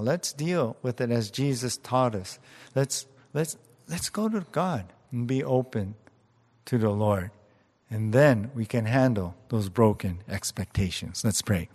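A man delivering a casual, conversational sermon at a middle pitch. He keeps checking in with the listeners through "right?" and "yeah?". His voice rings out with the long reverb of a large hall. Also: a little mellow. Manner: conversational, frequent "you know" and "yeah?" tags; acts out quoted voices with big pitch jumps. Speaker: pastor.

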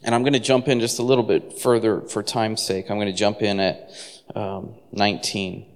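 A man preaching a sermon in a relaxed, conversational way, full of fillers and restarts. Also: fairly low pitch, moderate pace, long reverb tail. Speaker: pastor.

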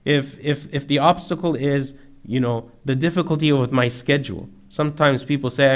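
A man preaching a sermon in an earnest, steady way, building emphasis through repetition. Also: medium pitch, normal speed.

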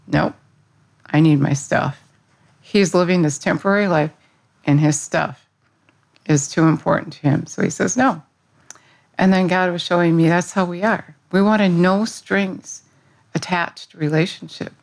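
A woman's voice: on the low side, steady tone, moderate pace. A woman giving an earnest, conversational devotional talk, often restarting her sentences. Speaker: devotional speaker. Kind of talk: casual spoken devotional.

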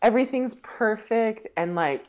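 A woman's voice: on the high side, animated, normal speed, a little mellow. Rambling woman telling a story, full of "like". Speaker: podcast co-host. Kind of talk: casual podcast chat.

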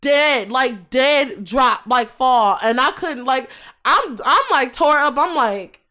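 A woman's voice: high-pitched, slow pace. A young woman chatting casually on a podcast, telling stories with lots of laughter. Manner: laughs a lot, animated storytelling. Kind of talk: casual chat.

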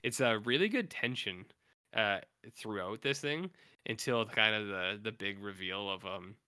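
A man co-hosting a podcast, chatting casually about horror movies, rambling and mumbling flat asides. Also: lowish voice, unhurried, clean tone, no echo, clean studio sound. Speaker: podcast co-host.

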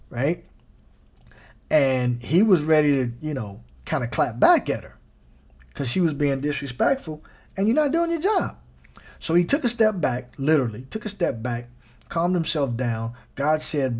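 A man hosting a sermon podcast, preaching in an animated, folksy way and talking straight to his listeners. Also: medium pitch, normal speed.

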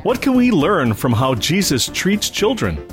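A male announcer reads a scripted introduction for a church program. His voice is somewhat high and very lively, rising and falling freely, with faint music playing under it. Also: a little slow. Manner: expressive, swooping delivery. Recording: voice-over with faint music behind.

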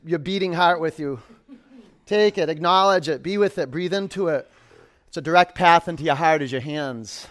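A man's voice: fairly high pitch, moderate pace, a bit bright. A man leading a live yoga class, calling out counts and motivating cues, with casual storytelling asides. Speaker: yoga instructor.

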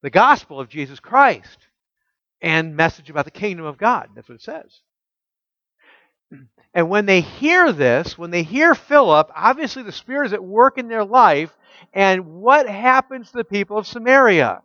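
A man preaching a teaching sermon, asking his listeners rhetorical questions and reading scripture aloud slowly with emphasis. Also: high voice, sing-song, sharp tone, no room sound, muffled recording. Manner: asks the congregation rhetorical questions. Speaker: pastor.

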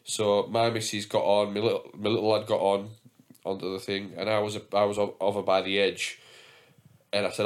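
A man's voice: lowish voice, flat delivery, fairly quick. A man hosting a casual podcast, chatty and self-mocking, swearing freely as he tells stories. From England. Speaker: podcast host.

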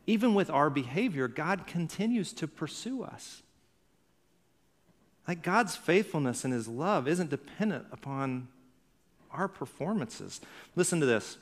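A man's voice: on the high side, expressive, a little slow. A pastor preaching a sermon with earnest emphasis, repeating words and phrases to drive his point home. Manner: earnest, builds to fervent emphasis then drops to hushed intensity.

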